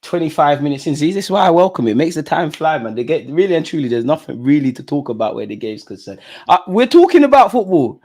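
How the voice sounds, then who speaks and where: A man's voice: fairly high pitch, lively intonation, fast talker, few pauses, a little mellow. A young man with a London accent hosting a live football watch-along. He chats and banters with viewers in slang-heavy, playful talk. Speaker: streamer host.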